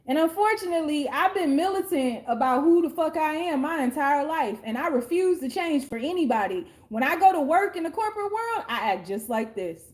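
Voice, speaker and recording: This is a high-voiced woman doing a casual tarot reading on camera. She talks bluntly and sassily, swears freely and leans into slangy street talk. She sounds like herself, with nothing put on. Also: lively intonation, brisk, few pauses, a little mellow. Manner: blunt, sassy and profane. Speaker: tarot card reader.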